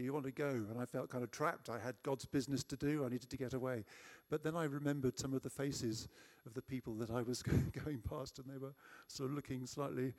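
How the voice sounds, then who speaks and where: A man's voice: medium pitch, brisk, a little mellow. A middle-aged man preaching a sermon, telling a personal story in a chatty, self-deprecating way.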